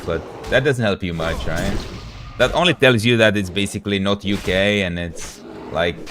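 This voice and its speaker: A man's voice: lowish voice, noisy background. A man from Europe, a game streamer, chatting casually with his live audience in a rambling, laid-back way full of slang.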